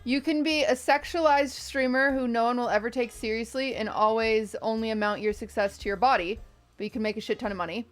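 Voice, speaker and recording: A woman's voice: a little high, steady tone, brisk, soft background music. Chatty young woman streamer, rambling. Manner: chatty, rambling with restarts and asides to chat. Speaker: streamer reacting to a documentary. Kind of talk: casual live-stream commentary.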